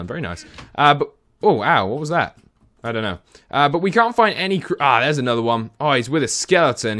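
A young man giving excitable gameplay commentary, chatting to the creatures on screen and to his viewers. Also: on the high side. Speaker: gaming video host.

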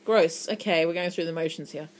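A woman's voice: fairly low pitch, a little fast. A young woman with an Australian accent in her twenties, chatting casually in a rambling vlog with lots of ums and a stuffy, runny nose. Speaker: English teacher vlogger.

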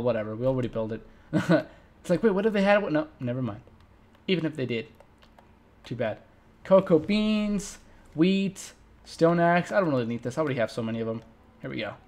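A young man hosting a let's play, chatting with viewers and reacting loudly and playfully to the game. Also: fairly high pitch. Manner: playful, jokes and mock eulogies. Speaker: gaming channel host.

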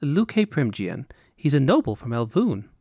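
A man voicing a secretive, lovestruck young woman of about twenty who speaks in an imperious, excited way. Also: medium pitch, a little slow, breathy edge, no echo, studio quality, heavily acted. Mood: commanding.

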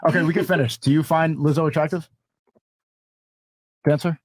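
A man's voice: a little high, fairly even intonation, moderate pace, darkish tone, slightly rough, no room sound. A man hosting a podcast, teasing and pushing guests with blunt questions on a studio mic. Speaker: podcast host. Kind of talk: provocative studio banter.

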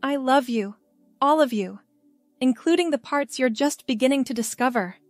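A woman voicing an affectionate young girlfriend who speaks softly and encouragingly. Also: high-pitched, moderate pace, no room sound, faint music behind, pitched above the performer's own voice, lightly acted. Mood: tender. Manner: soft, encouraging, tender.

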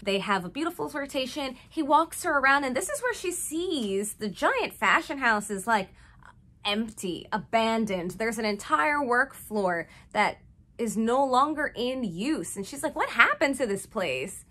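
A woman's voice: fairly high pitch, expressive, a little slow, fairly bright tone. A woman casually recapping a movie, chatty and full of jokey asides.

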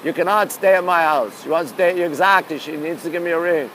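A man's voice: a little high, a little fast, a bit bright. A man with a New York accent live-streaming outdoors on a rainy city street at night, chatting casually and reading viewers' comments aloud into a phone held in one hand. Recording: faint street noise behind.

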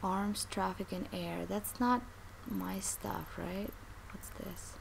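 A young woman hosting a let's play, commenting with exasperation, muttering and then yelling. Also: medium pitch, steady tone, takes it slowly, vocal fry, noisy background. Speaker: gaming channel host.

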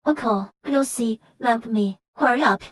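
A young woman acting a soft, sweet heroine in a melodramatic short drama, with a pleading way of talking. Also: a little high, a little slow, dry recording.

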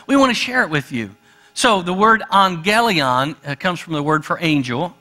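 A man preaching a sermon to a church congregation, talking conversationally, with quick asides and slow, stressed phrases. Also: high-pitched, expressive, pushed and bright, big-room sound. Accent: West Virginian. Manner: shifts pace often, quick asides and slow emphasis. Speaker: pastor. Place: church sanctuary.

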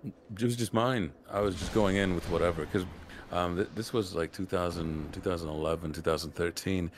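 A man with a deep, low voice chats casually over a game, his accent drifting between British and American. He rambles, trailing off and restarting with plenty of "um" and "like." A faint hiss sits under the recording. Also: steady tone, moderate pace. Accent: shifting mix of British and American. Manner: rambling, with many fillers and restarts. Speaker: co-host and voice actor. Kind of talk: casual gaming chat.

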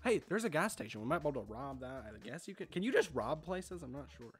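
A man's voice: a little high, big pitch swings, quick pace, breathy edge, faint music behind. A young man casually commenting on a video game he is playing, chatty and confused, laughing often. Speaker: gaming video host.

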